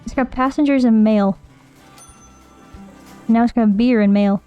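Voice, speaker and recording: A woman streamer chatting casually while she plays a game, rambling, thinking out loud and answering her chat. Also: a little high, a little slow, pauses often, faint music behind.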